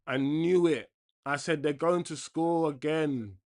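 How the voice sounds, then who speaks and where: A young man streaming a live football watchalong, talking to viewers in slang and swinging between mutters and loud outbursts. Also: on the high side, slow, dry recording, clean studio sound. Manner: loud swings from groans to shouts, slang-heavy.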